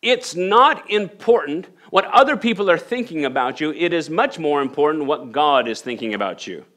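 A man's voice: fairly high pitch, animated, normal speed, a bit bright. A male pastor preaching a sermon, reading scripture aloud and building to emphatic rhetorical questions. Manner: repeats and restarts phrases while reading scripture aloud.

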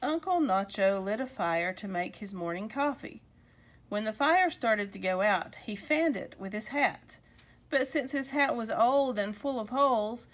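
A woman reading a picture book aloud to children, expressive and slowing for emphasis. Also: fairly high pitch. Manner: warm, expressive, slows for emphasis. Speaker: children's story reader. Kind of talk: storybook read-aloud for kids.

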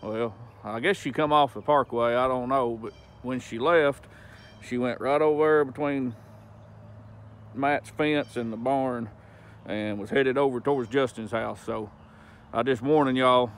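A man's voice: medium pitch, unhurried, a little hiss or hum. Plain-spoken man warning his viewers. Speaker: video poster. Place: outside at a home driveway.

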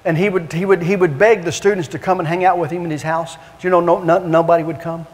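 Male evangelist, high voice, animated storytelling sermon, long hall reverb. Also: fast. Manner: animated, repetitive, emphatic. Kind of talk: preaching with storytelling. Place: church sanctuary.

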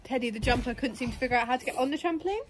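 Out in her back garden, this vlogging mom talks casually with her child and pets, calling to her dogs in a lilting, playful tone. She speaks fast in a higher-than-average voice, with slight noise in the background.

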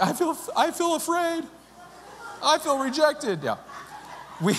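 A man in his thirties, a pastor giving a conversational, self-deprecating and animated sermon. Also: high voice.

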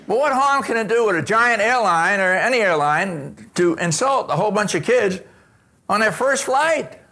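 Lively older man telling bright punchy stories. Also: high-pitched, normal speed, creaky. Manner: animated, punchy storyteller who acts out dialogue. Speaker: customer service speaker. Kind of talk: motivational storytelling talk.

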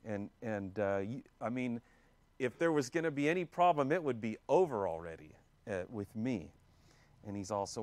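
A man's voice: medium pitch, expressive, normal speed, darkish tone, no room sound. Male pastor teaching a Bible passage conversationally. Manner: conversational, paraphrasing scripture with fillers and restarts. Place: church.

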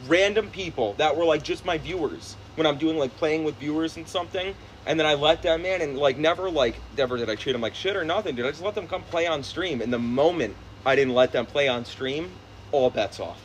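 Animated young man swearing freely. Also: fairly high pitch, brisk, low-quality recording. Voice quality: profane, animated storytelling. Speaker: streamer. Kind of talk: casual chat among friends. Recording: faint background noise.

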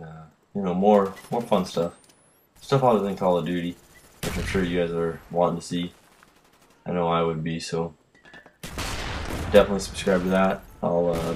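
A tired, tipsy young man rambling through casual game commentary, trailing off and yawning late at night, recorded on a built-in computer mic. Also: deep voice. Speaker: gaming commentator. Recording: faint hiss from a built-in mic. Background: game gunfire.

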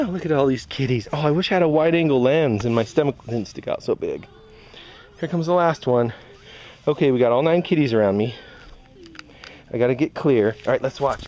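A cat owner talking casually while filming kittens outdoors on a handheld camera, cooing and calling them in a high sing-song voice. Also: expressive, fairly quick, a little mellow, lo-fi sound, a little hiss or hum. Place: outdoors in a yard. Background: kittens meowing.

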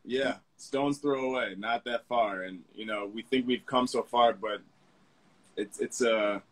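A man being interviewed as a guest, speaking in a reflective, earnest and soft-spoken way. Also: medium pitch, unhurried, poor audio. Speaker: guest, fashion model. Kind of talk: casual interview.

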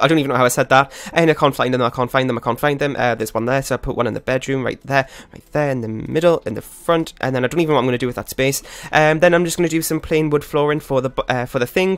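A man's voice: mid-range voice, dry recording. Male gaming host, frazzled running commentary, talks in a mid-range voice, dry close sound on a desk mic. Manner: flustered, rambling, self-critical. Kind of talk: live gameplay commentary. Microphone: desktop USB microphone.

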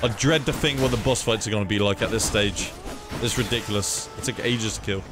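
A man's voice: fairly low pitch, fairly quick, over music. A young man streaming a game, chatting casually, swearing freely and reading chat aloud. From United Kingdom. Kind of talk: casual live gameplay commentary.

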